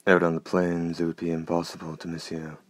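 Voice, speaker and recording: A gloomy, gorgeous-voiced night stalker speaks in a soft, courtly, menacing tone, voiced by a man. The voice is extremely deep and barely moves in pitch. It sounds close and dry, with no room around it. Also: completely flat delivery, brisk, no echo, natural voice. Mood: moved, exultant. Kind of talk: audiobook character reading.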